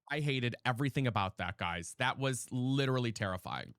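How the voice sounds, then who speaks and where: A man's voice: mid-range voice, lively intonation, fairly quick, hardly any pauses, fairly bright tone, no room sound, clean studio sound. A man streaming a game live, chatting with his viewers in a sassy, dramatic way. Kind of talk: live gameplay streaming with chat.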